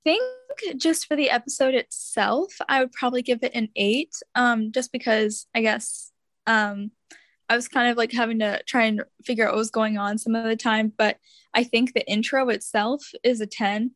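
Hesitant young-sounding woman, higher voice. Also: moderate pace, a bit bright, no echo. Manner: hesitant, with many likes and ums. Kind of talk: casual review chat.

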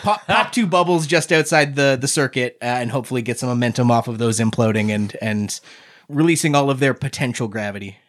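A man's voice: medium pitch, brisk. Rambling man describing his character's move. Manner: relaxed, rambling with many fillers. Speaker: player. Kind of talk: narrating his character in a tabletop game.

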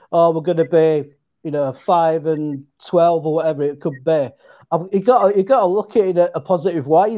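Man, Yorkshire accent, high voice, muffled lo-fi sound, self-deprecating, stammering restarts. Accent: Yorkshire English. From England. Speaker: guest. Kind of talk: casual chat.

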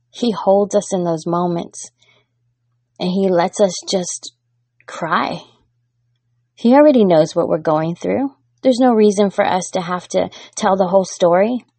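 A woman, a mother, giving a gentle, heartfelt devotional talk as host, growing fervent at times. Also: medium pitch, a little slow, creaky, breathy edge, no room sound. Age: adult with daughters.

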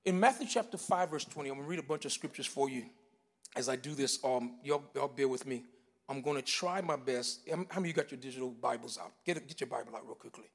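A male pastor preaching a sermon, moving between loud, emphatic bursts and quiet, explanatory teaching. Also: medium pitch, fast. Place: church sanctuary. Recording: long hall reverb.

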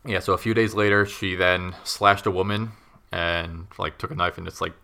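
Gravelly low-voiced man telling a crime story. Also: steady tone, moderate pace, bright, forceful tone. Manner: rambling, lots of "like" and restarts, wry asides. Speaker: podcast co-host telling a true crime story. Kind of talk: casual storytelling chat.

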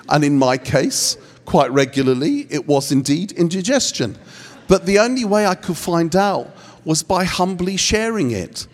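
A man's voice: on the high side, lively intonation, unhurried. Humorous man teaching in a reverberant hall. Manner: humorous, acts out little scenes, self-deprecating. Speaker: speaker at a prayer training session.

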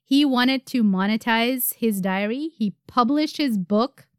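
A woman's voice: fairly high pitch, measured pace, clean tone, dry recording. A woman hosting a podcast, walking her co-hosts through a story in easy conversation. Her voice sounds dry and close, with no room around it, and a laugh is never far off. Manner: relaxed, laughs easily while recounting. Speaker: podcast host. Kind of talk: casual storytelling chat.

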